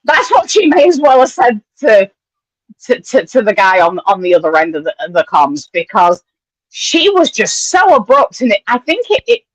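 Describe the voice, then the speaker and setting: A woman co-hosting a casual podcast chat, talking in quick, repeated restarts and swearing casually. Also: fairly high pitch, big pitch swings, dry recording, poor audio. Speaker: podcast co-host.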